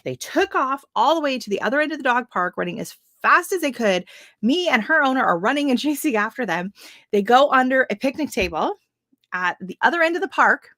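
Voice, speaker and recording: A woman's voice: high voice, very animated, brisk, pushed and bright, no room sound. Chatty woman host, dry close sound. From Canada. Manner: chatty storyteller, laughs often, many fillers. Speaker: gardening channel host. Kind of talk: casual livestream chat. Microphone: webcam on a livestream.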